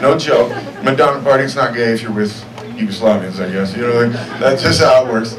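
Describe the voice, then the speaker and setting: A man's voice: mid-range voice, brisk. Man doing stand-up in an echoey club. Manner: deadpan asides, checks in with the crowd. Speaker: stand-up comedian. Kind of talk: stand-up comedy set. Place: comedy club stage. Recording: echoey club sound from far off. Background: audience noise.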